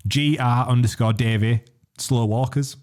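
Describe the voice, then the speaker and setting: A man's voice: mid-range voice, fairly even intonation, a little slow, a little mellow. A man co-hosting a podcast. He reads out listener comments and teases his co-host. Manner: teasing, reads comments aloud. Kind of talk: casual podcast banter.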